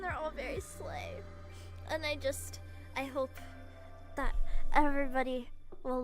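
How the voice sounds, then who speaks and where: A young adult woman streamer chatting casually with her chat, gushing and giggling often, swinging from soft mumbles to shrieks. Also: high voice, steady tone, a little slow, pauses often, music in the background. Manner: gushing, giggly, frequent laughter.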